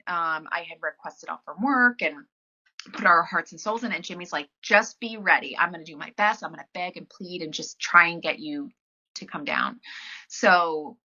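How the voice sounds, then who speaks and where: A woman's voice: medium pitch, bright, forceful tone. A woman telling stories in a casual interview, chatty and filler-heavy, acting out the lines of people she quotes. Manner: chatty storyteller, many fillers, acts out quotes. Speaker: podcast guest, former wrestler. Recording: dull lo-fi recording.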